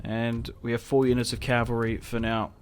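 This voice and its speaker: A man's voice: medium pitch, monotone, moderate pace. Chatty young man commentating a game. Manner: chatty, reacts loudly to setbacks, self-mocking laughs. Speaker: gaming YouTuber. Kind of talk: casual gameplay commentary.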